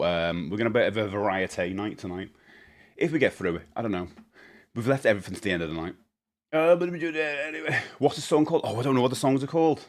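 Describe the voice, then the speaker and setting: Chatty low-voiced British man streaming. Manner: chatty, rambling, many fillers, greets viewers. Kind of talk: live stream chat.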